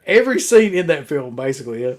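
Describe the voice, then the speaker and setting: Relaxed, opinionated man in a horror chat. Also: on the high side, fast talker, a crowd in the background. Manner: relaxed and opinionated, casual swearing. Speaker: co-host of a horror movie show. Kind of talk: casual chat reviewing a ranked list.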